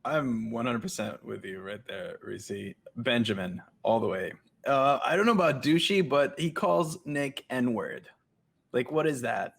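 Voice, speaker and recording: A man's voice: mid-range voice, animated, unhurried, gravelly, a bit bright. A man co-hosting a casual podcast, speaking hesitantly with many filler words. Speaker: podcast co-host. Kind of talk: casual chat.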